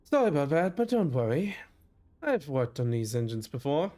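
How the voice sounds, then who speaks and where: Friendly, confident mechanic, reassuring, a bit higher, read by a German-accented man. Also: very animated, moderate pace, warm tone.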